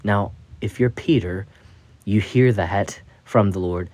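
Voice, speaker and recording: Man, Bible study host, low voice, unhurried, reflective, self-correcting. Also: a little mellow, no room sound. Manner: thoughtful, musing, with frequent restarts. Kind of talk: reflective scripture teaching.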